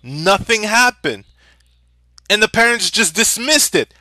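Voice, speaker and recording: Furious high-voiced young man ranting. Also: very animated, measured pace, no room sound, clean studio sound. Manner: furious, profane, shouting at times. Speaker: vlogger. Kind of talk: angry rant.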